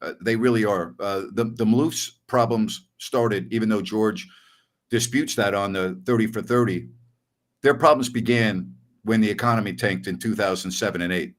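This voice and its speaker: A middle-aged man and sports radio host telling a story in casual podcast chat, animated and acting out voices. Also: on the low side, normal speed.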